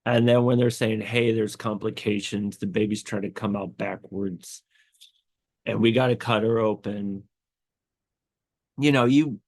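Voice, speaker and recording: Man, low voice, dry close sound, choked up, rambling podcast storytelling. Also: dry recording. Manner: rambling, many fillers and restarts. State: tearful, choked up. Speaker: podcast host. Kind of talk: personal storytelling.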